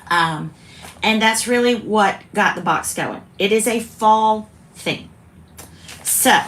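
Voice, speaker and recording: A woman's voice: mid-range voice, a bit bright. Chatty woman host. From South Carolina. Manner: chatty, rambling, self-interrupting. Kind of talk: casual chat.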